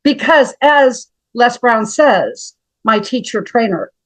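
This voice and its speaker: A woman in her seventies from Montana, USA, a health practitioner, tells her story as an interview guest in a slightly high, animated voice, taking it slowly. She is dramatic and emphatic and often calls the host by name. The recording is dry with poor audio.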